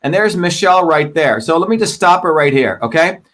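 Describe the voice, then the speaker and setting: A man's voice: a little high, lively intonation, a little fast, fairly bright tone. Man hosting a casual livestream. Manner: talkative, repeats "okay?" to the audience. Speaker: livestream host.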